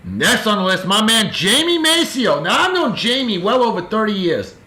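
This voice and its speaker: A man from Martha's Vineyard, Massachusetts, hosts his daily beer video and gives effusive, upbeat birthday shout-outs straight to his friends. His slightly high voice is crisp and forceful, with big pitch swings and a moderate pace. The bare room echoes, with slight background noise.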